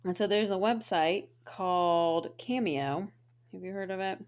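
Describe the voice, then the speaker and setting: A woman in her thirties co-hosting a casual chat show, telling stories with sudden jumps in excitement and plenty of swearing. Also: a little slow. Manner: animated storyteller, swears freely, pitch jumps up when excited. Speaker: podcast co-host.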